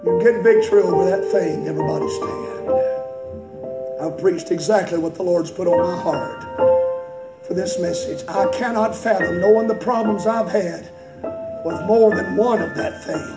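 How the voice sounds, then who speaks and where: A man preaching a sermon in a church, impassioned and building to shouts. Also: sits high, normal speed, creaky. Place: church sanctuary. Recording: echoey church with loud music.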